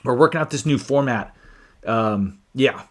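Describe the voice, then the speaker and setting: A man talks casually on a live stream about whiskey, reading viewer comments aloud as he goes. His voice sits in a mid-range pitch, and his speech is loose and chatty, full of restarts and fillers. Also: unhurried. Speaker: whiskey channel host.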